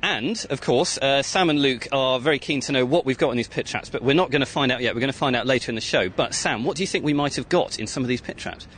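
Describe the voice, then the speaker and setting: A man reporting live for a radio science show from an outside location, chatting with children and guests in a brisk presenting manner. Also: mid-range voice, a bit bright, a little hiss or hum.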